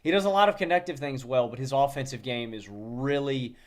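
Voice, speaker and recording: A man co-hosting a podcast, chatting casually in a relaxed way with frequent filler sounds. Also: medium pitch, brisk. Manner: relaxed, many "uh" fillers and restarts, chuckles. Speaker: podcast co-host. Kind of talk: casual chat.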